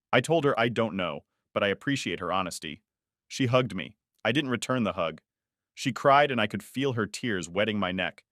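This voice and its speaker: Deep-voiced man reading a story, dry. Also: a bit bright, dry recording. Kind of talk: first-person story narration.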